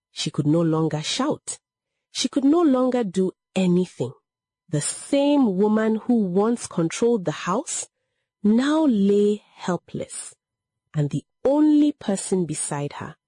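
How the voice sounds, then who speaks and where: A woman narrating a scripted story in a measured, emotive storytelling manner. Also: deep voice, dark tone, husky, no echo.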